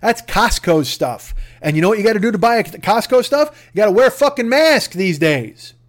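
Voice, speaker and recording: A man with a slightly high-pitched voice, ranting on his show. He is profane, wry and wanders from point to point in casual comic monologue. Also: animated, normal speed. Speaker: podcast host. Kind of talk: casual comedic rant.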